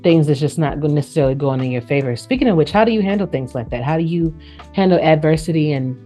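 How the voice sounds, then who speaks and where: Low-voiced upbeat woman host. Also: animated, quick pace, dark tone, soft background music. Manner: upbeat, encouraging, laughs often. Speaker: show host, interviewer. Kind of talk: casual online interview.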